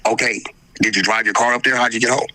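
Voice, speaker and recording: Blunt fast-talking man, bright tone. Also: medium pitch, steady tone, no room sound, low-quality recording. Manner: blunt, questioning, slangy. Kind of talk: casual podcast discussion.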